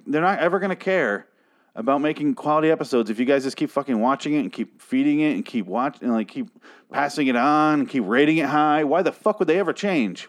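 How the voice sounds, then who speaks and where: A man hosting a solo podcast, ranting about a TV episode in a profane, exasperated and sarcastic way. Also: on the high side. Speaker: podcast host reviewing a TV show.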